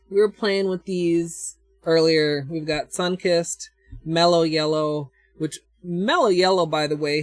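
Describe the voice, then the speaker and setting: A woman with a Minnesotan accent talks through a nail art livestream at an unhurried pace, thinking aloud and answering her chat. The sound is close and dry, with faint music playing underneath. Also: sits low, dry recording. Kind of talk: casual livestream chat while demonstrating.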